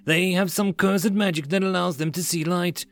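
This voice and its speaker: A man's voice: sits high, steady tone, moderate pace, fairly bright tone, voice pushed up. Man voicing a bitter hissing rebel ex-slave. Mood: fearful. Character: scheming angry ex-slave male rebel leader.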